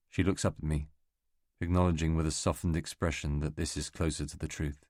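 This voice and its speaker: A man narrating a novel as an audiobook reader, in a measured, even delivery. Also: a bass voice, no echo, clean studio sound. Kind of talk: scripted narration.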